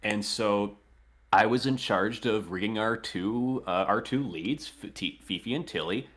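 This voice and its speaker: A young man with a bright, forceful tone talking through his work on a video call. He is eager and chatty, with plenty of uhs and likes. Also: on the low side, a little slow. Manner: enthusiastic, chatty with filler words. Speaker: animator, rigging lead. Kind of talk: casual video-call interview.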